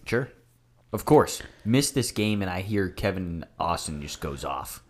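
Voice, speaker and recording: A man with a low voice co-hosts a casual sports podcast. He mostly throws in quick reactions and moves the conversation to the next topic. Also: animated. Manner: short reactions, steers topics. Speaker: podcast co-host.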